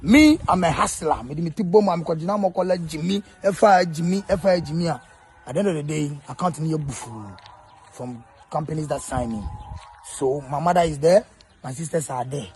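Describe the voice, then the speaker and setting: A man's voice: fairly high pitch, brisk, darkish tone, a little hiss or hum. A middle-aged Ghanaian man speaking straight to camera in a video message, earnest and pleading, repeating his points. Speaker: entertainer.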